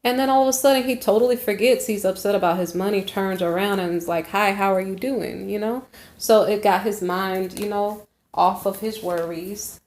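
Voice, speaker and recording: A woman's voice: mid-range voice, steady tone, moderate pace, darkish tone. A woman giving a casual tarot reading to viewers, rambling and correcting herself as she goes, often checking in with "okay?". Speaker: tarot reader. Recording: roomy echo.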